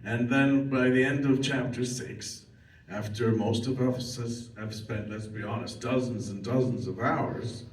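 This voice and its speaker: A man's voice: medium pitch, fairly even intonation, a little slow, a little hiss or hum. A man who is a voice actor on a convention panel, speaking earnestly and reflectively, with casual fillers. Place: large convention hall. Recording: echoey hall from far off.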